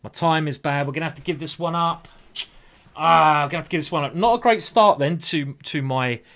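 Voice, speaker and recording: A man's voice: on the high side, fairly quick, a bit bright. A man streaming blitz chess, thinking aloud in a chatty, self-mocking way and talking to his viewers. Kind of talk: live-stream commentary while playing blitz chess.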